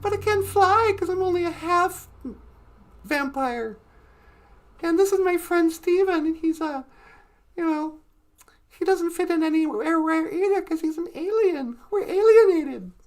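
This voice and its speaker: A woman's voice: very high voice, measured pace. A woman voicing a shy, lonely half-vampire little girl with a small, earnest voice. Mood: wistful.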